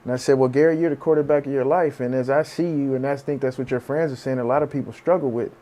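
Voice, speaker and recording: A man's voice: mid-range voice, steady tone, fast talker, dark tone, lo-fi sound. A man hosting a podcast interview, who speaks in an encouraging, coach-like way. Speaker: podcast host and life coach. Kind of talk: conversational interview.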